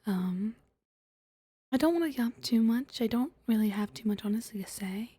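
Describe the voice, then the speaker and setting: Soft whispering young woman, breathy. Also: on the high side, expressive, normal speed, no room sound. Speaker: streamer reading a book aloud. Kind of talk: whispered ASMR reading.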